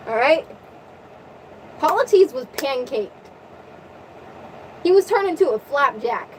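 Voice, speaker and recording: A young woman retelling a story in casual, crude, excitable slang. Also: sits high, takes it slowly, long pauses. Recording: distant mic with faint vehicle noise.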